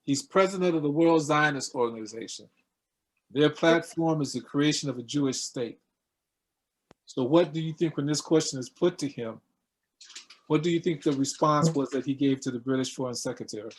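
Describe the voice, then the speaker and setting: A man's voice: a little high, normal speed. A middle-aged man giving a seminar lecture, often putting questions to his students and repeating key words, with frequent fillers.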